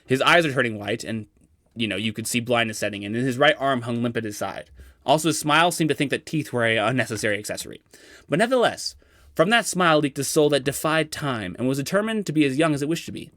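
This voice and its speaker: A man's voice: medium pitch, expressive, quick pace, fairly bright tone, dry recording, studio quality. A young man narrating his own life in a scripted, wry and self-deprecating way, sometimes turning flowery. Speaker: vlogger.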